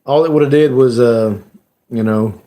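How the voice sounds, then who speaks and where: Halting, emotional man hosting a live stream. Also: mid-range voice, dark tone. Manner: emotional, halting, lots of "you know" fillers. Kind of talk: casual live-stream chat.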